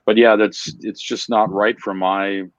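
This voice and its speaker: A man's voice: fairly low pitch, level tone, a little slow, lo-fi sound, crowd noise. A man, a magician, chatting casually and retelling a stage routine step by step. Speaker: magician, conversation partner. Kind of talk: casual reminiscing chat.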